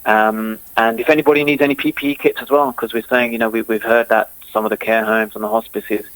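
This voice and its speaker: A man from England, a former cricketer, talking in a casual interview with a halting delivery full of restarts and fillers. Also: mid-range voice, flat delivery, fairly bright tone, no room sound, poor audio. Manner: halting, repeats words, many fillers.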